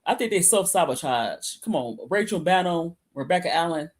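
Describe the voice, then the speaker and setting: Heard off-mic through remote call audio, this Michigan woman co-hosts a relaxed sports chat. Her lowish, husky voice is expressive and moves at a normal speed as she wanders and frequently starts over.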